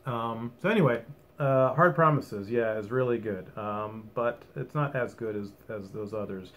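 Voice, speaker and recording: A man's voice: medium pitch, measured pace. A man giving a casual, rambling album review at home, enthusiastic and full of ums and restarts. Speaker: music vlogger.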